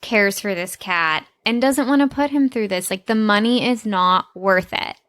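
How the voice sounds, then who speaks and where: A woman's voice: mid-range voice, moderate pace, a bit bright, no echo. A woman co-hosting a podcast in casual chat, upbeat and eager to share fun facts. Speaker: podcast co-host.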